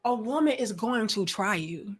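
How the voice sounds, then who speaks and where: A woman hosting a casual livestream, reading chat comments and giving blunt, profane, animated advice. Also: mid-range voice, normal speed, breathy edge.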